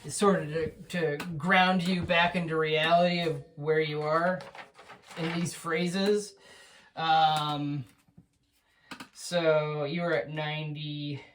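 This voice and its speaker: A man teaches drums in an unhurried, relaxed way, reassuring and full of small hesitations. He sits away from the mic, and a faint hiss runs under his voice. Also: on the high side. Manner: relaxed, encouraging, with many ums and restarts. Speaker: drum teacher. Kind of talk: recorded feedback lesson. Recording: distant mic with faint noise.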